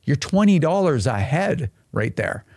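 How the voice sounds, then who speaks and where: A man who leads an advocacy group, explaining a member program in a casual, conversational way and acting out quick little exchanges. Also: a little high, sing-song, creaky, darkish tone, slightly rough, dry recording, clean studio sound.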